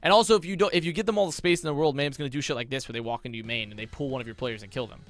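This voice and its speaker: A young man giving a casual esports match breakdown, talking fast and excitably, with frequent swearing and restarts. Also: mid-range voice, no room sound, soft background music. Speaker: esports analyst.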